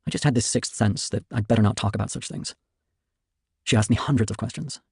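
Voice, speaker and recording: Fast gravelly man reading aloud. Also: on the low side, a little mellow, no echo, clean studio sound. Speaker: streamer reading a novel. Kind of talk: casual reading aloud of a novel.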